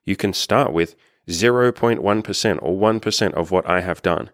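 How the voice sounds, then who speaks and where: Deep-voiced blunt male coach, dry sound. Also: normal speed, dry recording. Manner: blunt, encouraging, swears freely. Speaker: dating and life coach. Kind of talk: casual self-help monologue.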